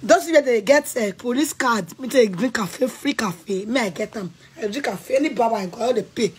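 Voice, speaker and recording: A woman with a Nigerian accent, ranting angrily and scolding someone in bursts of shouting and threats. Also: fairly high pitch, normal speed, breathy edge, rough recording. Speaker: vlogger. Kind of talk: angry rant to camera.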